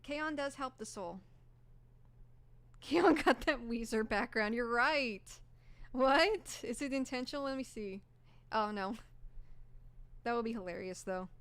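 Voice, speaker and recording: A young woman streamer in casual live-stream chat, rambling and gushing with lots of fillers, her voice a bit hoarse. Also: on the high side, measured pace, pauses often, a bit bright.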